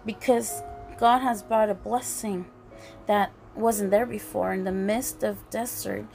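A woman preaching a sermon in an earnest, halting way, often restarting her phrases. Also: mid-range voice, fairly even intonation, creaky, a little mellow. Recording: faint music behind.

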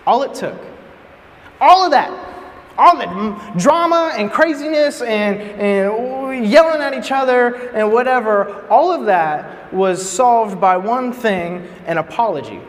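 A young man preaches a storytelling sermon to a youth group, his voice sitting high as he animatedly acts out the quotes. The recording has a reverberant hall sound with faint ambience.

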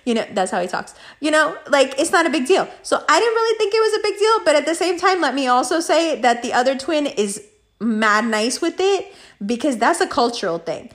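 A woman telling a story in a vlog, animated and heavy on profanity. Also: sits high, fairly quick.

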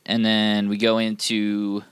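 A man's voice: fairly low pitch, monotone, takes it slowly, clean tone, no room sound. A young man co-hosting a casual Bible discussion, easygoing and jokey as he reads passages aloud. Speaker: co-host.

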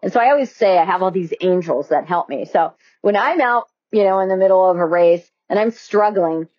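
A woman's voice: mid-range voice, lively intonation, fairly quick, no echo. A woman guest on a podcast, talking earnestly in a casual interview and acting out the voices in her head. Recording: dull, slightly lo-fi dry sound.

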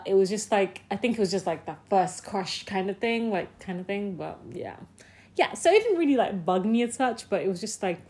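A young woman, telling personal stories in a casual, animated way with frequent laughs. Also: on the low side. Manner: chatty and animated, with frequent laughs and acted-out quotes. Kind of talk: casual storytelling to camera.

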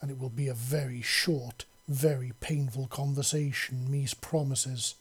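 A man voicing a huge, tender female beast-woman who speaks softly in broken grammar. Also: mid-range voice, fairly even intonation, measured pace, husky. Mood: protective. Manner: soft-spoken, broken grammar.

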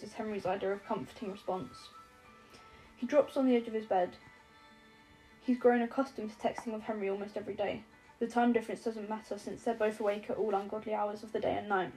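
A woman's voice: mid-range voice, fairly even intonation, a little fast, dark tone, soft background music, poor audio. A woman narrating an audiobook with a wry, lightly comic delivery. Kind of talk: scripted narration.

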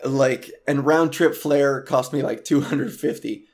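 A man's voice: medium pitch, steady tone, measured pace, a little mellow. A man hosting a podcast, ranting casually and profanely about an exasperating travel story, heavy with swearing. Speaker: podcast host.

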